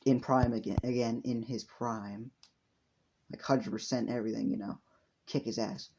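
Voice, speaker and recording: A man's voice: medium pitch, fairly even intonation, normal speed. Rambling young man telling a crude story. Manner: rambling, crude, self-correcting, with frequent fillers. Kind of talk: casual improvised story narration. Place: home room with a pet cat. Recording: dull lo-fi home mic with faint hiss.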